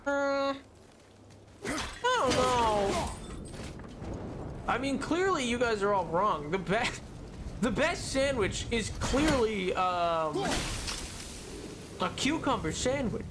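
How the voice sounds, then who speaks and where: A man's voice: very high voice, animated, takes it slowly, long pauses, noisy background. A man streaming a video game, rambling and joking, amused by his own remarks. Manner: rambling, jokey, self-amused. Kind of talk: casual gameplay commentary.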